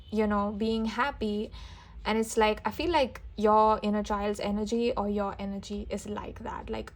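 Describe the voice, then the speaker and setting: A female tarot reader with a mid-range voice gives viewers an intuitive reading, speaking softly and eagerly. She often starts over and lets out gentle exclamations.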